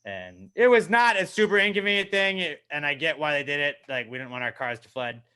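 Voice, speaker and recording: A man riffs on a casual comedy podcast in a bright, sharp voice that sits a little high for a man. He rants with plenty of swearing and mocks himself. He drops into low mumbles, then bursts out loud. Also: brisk, clear, resonant tone. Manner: profane, ranting, self-mocking; animated, swinging from mumbling to yelling. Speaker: podcast co-host.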